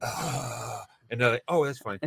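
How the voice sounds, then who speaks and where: A man co-hosting a podcast, blunt and quick to cut in with his own stories in casual chat. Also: medium pitch, animated, a bit bright, dry recording. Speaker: podcast co-host.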